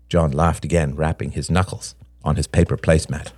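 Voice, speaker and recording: A man reading a story aloud as narrator, in a measured, descriptive way. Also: very deep voice, flat delivery, a little mellow, breathy edge, no echo, studio quality.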